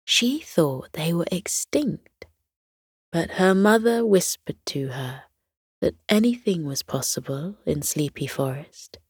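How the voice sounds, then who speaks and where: A woman narrating a bedtime story for children in a gentle, unhurried way, at times dropping to a whisper. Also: fairly low pitch, slightly rough, no room sound, clean studio sound.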